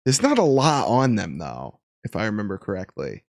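A man's voice: on the low side, normal speed, vocal fry, no echo, clean studio sound. A young man streaming live, chatting casually and laughing as he ranks fruits and reads chat. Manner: chatty and laughing, animated, reading chat aloud.

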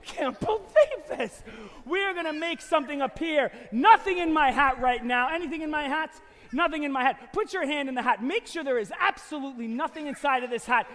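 High-voiced man doing kids' magic patter. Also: fairly quick, pushed and bright, a little hiss or hum. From United States. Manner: upbeat, playful, leads call-and-response with the audience. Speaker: family magician. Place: concert hall stage. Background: music playing.

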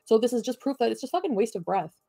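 Angry sarcastic woman streamer, dark tone, dry desk-mic sound with faint music. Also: fairly high pitch, very animated, fast, gravelly, breathy edge, no echo. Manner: profane, combative and sarcastic. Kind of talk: livestream rant at chat.

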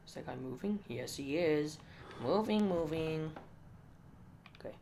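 A man's voice: a little high, lively intonation, unhurried, vocal fry, dark tone, slight background noise, low-quality recording. A young man giving let's play commentary, muttering to himself with jittery nerves and frequent mild swearing. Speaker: gaming channel host.

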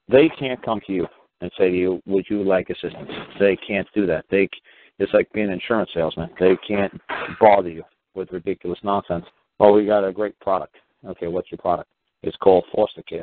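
This low-voiced man calls in and rambles on casually, packing his talk with fillers and words said twice. The tinny phone audio carries a little hiss or hum.

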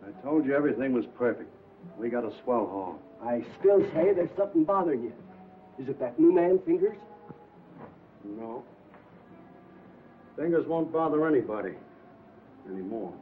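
An actor playing a tough-talking crook in a 1940s film, using streetwise slang. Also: male voice, mid-range voice, lively intonation, normal speed, pauses often, close to an everyday voice. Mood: uneasy. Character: tough-talking male crook, middle-aged. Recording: tinny old film soundtrack with hiss.

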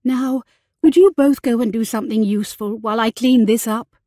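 A woman's voice: fairly high pitch, fairly quick, mellow, no echo, natural voice. A dutiful eldest sister in mourning who keeps order with a firm, weary voice, as a woman reader puts her on. The delivery is dry and close to the mic, in an audiobook reading.

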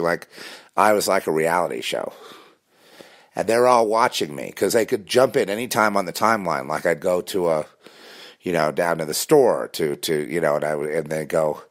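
Man, very low voice, rambling spiritual monologue, intense, repeats himself. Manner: intense, repetitive, many restarts and fillers.

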